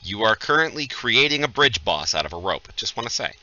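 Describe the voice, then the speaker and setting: A man's voice: mid-range voice, sing-song, a little fast, sharp tone, no room sound, highs cut off. A man acting as dungeon master in a live tabletop game, calling rolls and joking about the rules.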